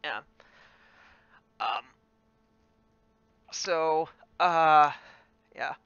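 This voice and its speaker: A man running a tabletop game as game master, talking haltingly with many ums and self-corrections over a dull lo-fi mic. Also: a little high, sharp tone, smooth.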